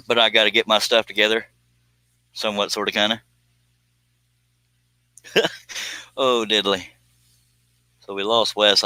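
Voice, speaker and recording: A man's voice: fairly low pitch, sharp tone, clean tone, no echo, low-quality recording. A middle-aged man hosting a casual live stream, giggling and reading out viewer comments. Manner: giggly, breaks into helpless laughter, reads out viewer comments.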